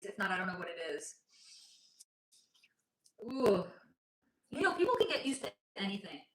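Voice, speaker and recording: Animated woman chatting on a livestream, echoey room. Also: medium pitch, very fast. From United States. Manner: animated, swearing, rambling asides. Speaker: psychic reader on a livestream. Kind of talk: casual livestream chat.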